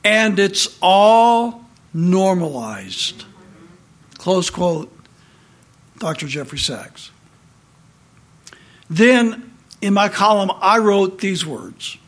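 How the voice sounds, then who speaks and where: High-voiced indignant man reading slowly. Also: expressive. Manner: indignant, quoting with "quote, close quote". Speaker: commentator. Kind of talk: reading commentary aloud.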